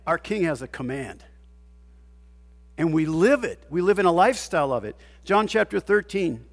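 Man, pastor, sermon, high-pitched voice, emphatic preaching, rhetorical questions, long hall reverb. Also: sing-song, a little fast.

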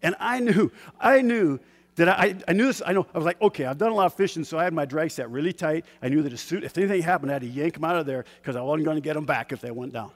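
A man telling a personal fishing story in a lively, animated way, acting out shouts and gasps. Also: on the high side, fast talker. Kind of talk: casual spoken story. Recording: hall with long reverb.

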